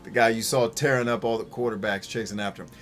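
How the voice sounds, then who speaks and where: A man's voice: fairly low pitch, steady tone, fast, fairly bright tone, faint music behind. A man hosting a gaming livestream, ranting bluntly and with swearing while reading chat messages aloud. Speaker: gaming show host. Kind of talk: livestream gameplay commentary and chat.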